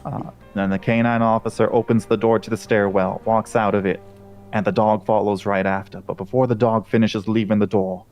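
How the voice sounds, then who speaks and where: A man's voice: fairly low pitch, flat delivery, fairly quick, darkish tone, soft background music. A man narrating a tabletop game as game master, describing scenes in a playful way.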